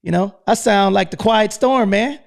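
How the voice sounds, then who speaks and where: A high-voiced American man hosting a live online room with nonstop hype. He pushes every line loud and fast and tags "man" onto almost all of them. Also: vocal fry. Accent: American English. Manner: hyped, loud, keeps saying "man". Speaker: host.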